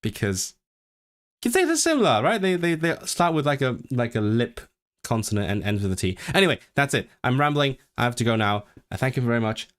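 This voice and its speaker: A young man talks casually to his livestream viewers, rambling and stopping to correct himself. Now and then he slows right down to read practice lines aloud with care. His voice sits at a medium pitch. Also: big pitch swings. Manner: rambling, self-correcting, chatty; reads practice sentences aloud slowly. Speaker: livestream host.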